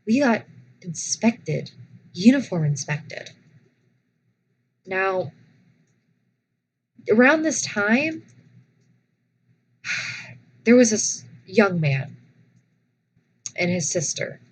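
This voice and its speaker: A young woman vlogger casually telling personal stories, animated and dramatic, often restarting her sentences. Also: medium pitch, drawn-out words, long pauses, slight background noise, low-quality recording.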